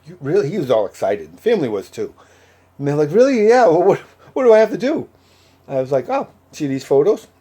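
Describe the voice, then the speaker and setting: A man with a low, mellow voice tells a story in a loose, conversational way. He fills his talk with "uh" and "like" and acts out the lines of the people in it. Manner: conversational, many fillers and quoted dialogue. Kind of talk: casual anecdote.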